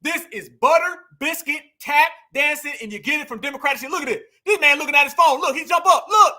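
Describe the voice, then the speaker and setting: A man's voice: very high-pitched, animated, a little fast, bright, forceful tone. A man giving emphatic reaction commentary on video clips, repeating himself and calling his viewers family. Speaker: political commentator.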